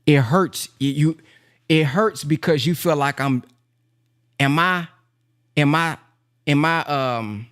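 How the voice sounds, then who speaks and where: A man who is a minister and business teacher gives a casual, heartfelt talk in a plain-spoken, animated way. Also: on the high side. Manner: animated, plain-spoken, acts out quoted voices.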